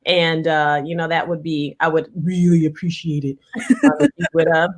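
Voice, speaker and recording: A woman's voice: deep voice, normal speed. A woman singer-songwriter guest, chatting casually and hesitantly with plenty of fillers. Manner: relaxed, hesitant, full of fillers. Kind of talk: casual interview chat.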